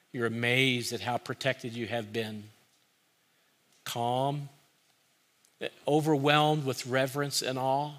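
A man's voice: medium pitch, bright, forceful tone. A man preaching a sermon as pastor, in an earnest, conversational way that repeats key phrases for emphasis.

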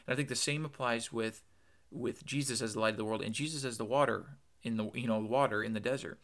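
A man's voice: mid-range voice, steady tone, fast, fairly bright tone. A man delivering an earnest podcast sermon, quoting scripture and stressing his points with repetition. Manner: earnest, emphatic, quotes scripture, repeats words. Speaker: preacher.

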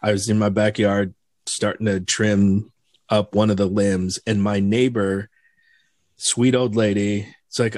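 A man's voice: fairly low pitch, flat delivery, a little slow, darkish tone, no echo, clean studio sound. A man co-hosting a podcast, chatting casually with frequent laughs and rambling restarts. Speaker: podcast co-host. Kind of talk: casual chat.

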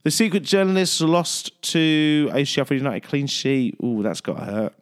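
A man's voice: moderate pace, smooth. A man hosting a casual radio sports chat, jokey and upbeat. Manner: jokey, upbeat, lively swings in pitch. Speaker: host.

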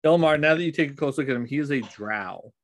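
A man narrating as dungeon master for a tabletop game, relaxed and halting, with many fillers. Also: mid-range voice.

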